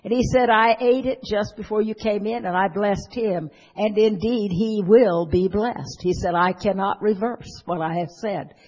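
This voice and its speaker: A folksy preacher retells an old story to a congregation, stopping for asides to the listeners. The voice is a little husky, and it rings out with a long reverb in a church hall. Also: medium pitch, measured pace, hardly any pauses, darkish tone, dull audio. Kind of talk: sermon retelling a Bible story.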